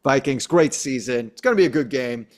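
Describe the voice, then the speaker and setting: A man's voice: mid-range voice, expressive, fairly quick. A man co-hosting a sports podcast, talking loosely with stumbles, restarts and frequent laughs. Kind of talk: casual sports banter.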